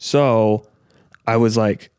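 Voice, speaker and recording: A man's voice: on the low side, fairly even intonation, slow pace, a little mellow, smooth, no room sound. A young man hosting a podcast from his home garage office, rambling casually and swearing often, tossing in "bro" and "dude". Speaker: podcast host. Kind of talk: casual chat. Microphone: directional podcast mic.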